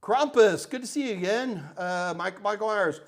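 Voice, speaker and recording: A man's voice: high voice, moderate pace, fairly bright tone. An older man hosting a live tech Q&A, answering chat questions in a blunt, emphatic, ranting way. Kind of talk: live Q&A stream.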